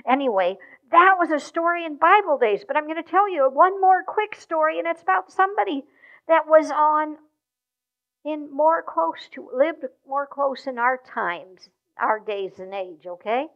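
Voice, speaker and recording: A woman telling a children's story at church, gently asking the children questions. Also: high-pitched, animated, unhurried, highs cut off.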